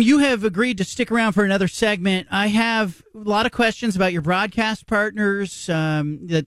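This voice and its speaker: A man hosting a sports interview show, throwing to breaks and asking questions in a brisk, promotional way. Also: sits high, a bit bright, dry recording. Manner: brisk, promotional segment wrap-ups. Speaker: interview host.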